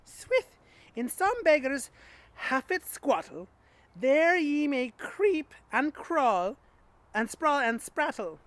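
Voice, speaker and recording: A man's voice: very high voice, very animated, slow pace, a bit bright, no echo, voice pushed up, exaggerated voice. A man reading a poem aloud in a put-on Scottish accent, voicing an indignant churchgoer who scolds a louse. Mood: scolding. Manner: declaiming verse in broad dialect.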